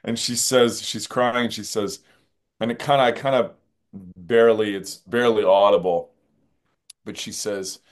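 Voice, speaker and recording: A man with a fairly low voice speaks as a guest in a reflective interview. His delivery is earnest and musing, and he circles back to repeat key phrases. He often restarts sentences as he talks. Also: fairly even intonation, measured pace, pauses often. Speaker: film director, interview guest.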